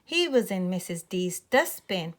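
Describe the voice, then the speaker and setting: A friendly dustman who explains in a plain, matter-of-fact way, read by a woman in a storybook. The delivery is slow and unhurried. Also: lowish voice, very animated.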